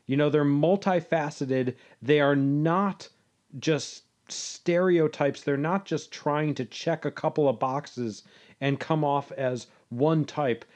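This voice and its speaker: A man's voice: fairly high pitch, takes it slowly, darkish tone. A man co-hosting a movie podcast in casual chat, with a dry, grumbling delivery. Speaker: podcast co-host.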